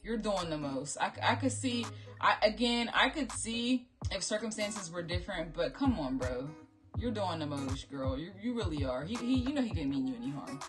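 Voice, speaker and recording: A woman's voice: on the low side, moderate pace, faint music behind. A woman hosting a reaction video, talking bluntly and with lots of profanity, and breaking into mocking impressions. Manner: blunt, profane, animated, mock-imitating voices. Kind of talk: casual reaction commentary. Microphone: phone.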